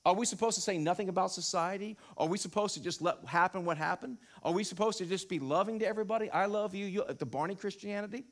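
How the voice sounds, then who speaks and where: A middle-aged man preaching a sermon in a church, animated, with emphatic peaks and rhetorical questions. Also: high voice, quick pace, few pauses. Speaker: pastor. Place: church sanctuary.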